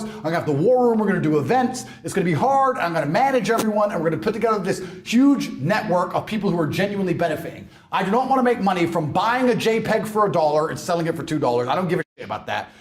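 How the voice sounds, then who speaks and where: Brash mocking man, lively high voice. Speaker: internet personality. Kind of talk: ranting monologue.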